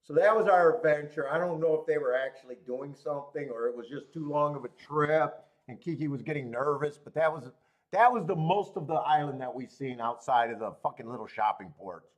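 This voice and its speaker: A man's voice: on the high side, brisk. Rambling, profane man on a racing stream. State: congested from a cold. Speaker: horse racing show host. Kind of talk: casual live-stream chat.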